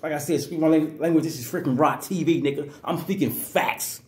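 Man, angry sports rant, raised pitch, roomy echo. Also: a little fast. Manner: angry, repetitive, slangy. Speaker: sports vlogger.

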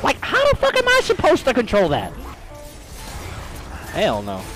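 A young man streaming a game, chatting crudely and excitably, breaking into shouts. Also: extremely high pitch, unhurried, soft background music. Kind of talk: casual gaming stream chatter.

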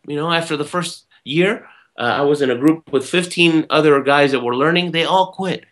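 A man telling a personal story as a motivational speaker, emphatic and animated, often checking in with "right?". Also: on the high side, moderate pace. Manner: punctuates points with "right?"; emphatic, swings loud and soft.

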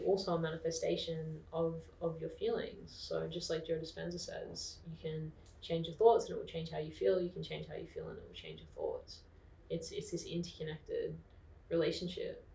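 An Australian woman explaining things calmly in a casual interview, with frequent fillers. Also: sits low, vocal fry. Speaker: podcast guest. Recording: roomy, distant mic.

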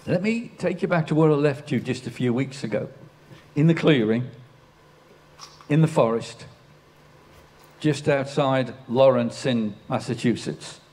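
A man's voice: medium pitch, darkish tone. Older man preaching a sermon. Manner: storytelling, builds to emphatic declarations. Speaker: pastor. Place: church.

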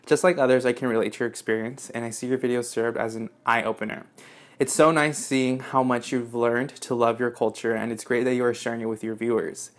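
Excitable young guy doing a casual unboxing vlog at home, swears a ton, squeals up high when he's thrilled, middle-pitched voice. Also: fairly quick. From United States. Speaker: YouTuber opening fan mail. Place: indoors at home, apartment.

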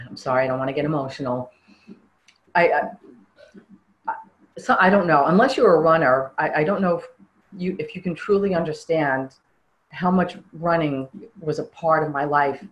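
Woman, low-pitched, older, earnest testimony, halting with restarts. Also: poor audio. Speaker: interviewee. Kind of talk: personal testimony interview.

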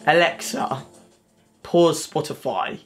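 A man's voice: a little high, expressive, slow pace, soft background music. A young British man with an English accent vlogging casually to camera, slangy and sweary, tagging "mate" onto his sentences. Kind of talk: casual vlog talk to camera. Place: at home, then by car and outdoors.

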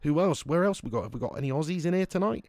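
A young man streaming a football video game, excitedly commenting, swearing at his players and greeting viewers in chat. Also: a little high, racing, no echo. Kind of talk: live game commentary and chat shout-outs.

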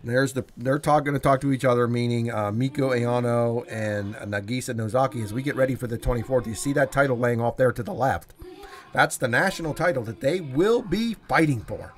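A man's voice: mid-range voice, brisk. Male solo wrestling commentator, enthusiastic, conversational, addresses viewers. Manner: enthusiastic, chatty, talks straight to viewers.

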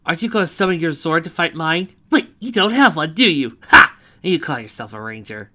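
A man's voice: fairly low pitch, fast talker, lightly acted. A man voicing a brash, boastful young female ranger who barks her lines. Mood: gloating. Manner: gloating, barking.

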